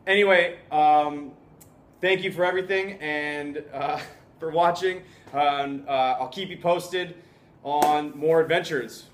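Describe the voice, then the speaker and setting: A young man vlogs casually in a fairly high, steady voice, speaking slowly yet upbeat and chatty, laughing often and acting out what others said. The recording has an echoey room, faint ambience, and a little hiss or hum.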